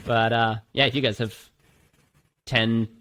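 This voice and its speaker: An Australian man hosting a casual podcast chat, rambling and animated with lots of fillers and swearing. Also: mid-range voice, measured pace, slight background noise. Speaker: filmmaker and podcast host.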